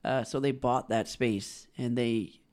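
A man's voice: medium pitch, fairly even intonation, a little slow, a little mellow. A young man from British Columbia, a comedian guest, chatting easily and agreeably and laughing often. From British Columbia, Canada. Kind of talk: casual chat.

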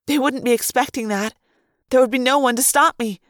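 A woman's voice: a little high, steady tone, moderate pace, no room sound, studio quality. A woman reading a novel aloud in the first person, with tense, dramatic delivery.

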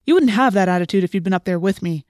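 An eager teenage boy bursts with enthusiasm, as a woman reads him in an audiobook, his mid-pitched voice rising as he talks. The sound is close and dry. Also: moderate pace, a little mellow, dry recording, close to an everyday voice. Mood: angry. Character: eager teenage boy who loves flying. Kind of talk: audiobook reading.

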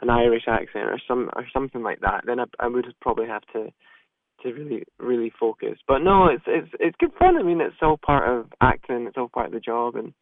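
A man with a Scottish accent, an actor guest chatting casually and relaxed in an interview. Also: mid-range voice, a little fast, no echo. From Scotland. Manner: relaxed, chatty, with self-deprecating asides. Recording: tinny phone line.

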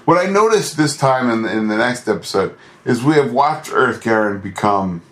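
A man's voice: medium pitch, moderate pace. A man co-hosting a podcast in casual chat, retelling scenes and acting out silly voices as he goes. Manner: animated, acts out monster voices and shouts. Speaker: podcast co-host.

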